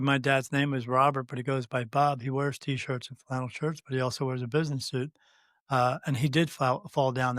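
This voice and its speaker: A man's voice: mid-range voice, fairly bright tone, no echo, studio quality. A man in his fifties, a guest on an interview, telling a personal story with many fillers and restarts and acting out the quoted dialogue. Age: 50s. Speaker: guest, spirit medium.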